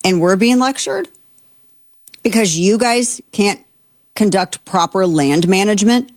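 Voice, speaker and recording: A woman's voice: medium pitch, unhurried, a little mellow, no echo. A woman hosting political commentary, indignant and exasperated, talking with many fillers and restarts. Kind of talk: opinionated commentary.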